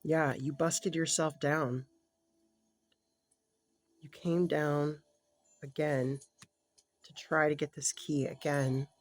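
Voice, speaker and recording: A tarot reader giving a casual spoken reading to an unseen client, thinking aloud in a halting, self-correcting way and staying gentle and sympathetic, sometimes sinking to a soft murmur. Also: medium pitch, little pitch movement. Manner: gentle, empathetic, drops to a soft murmur at times.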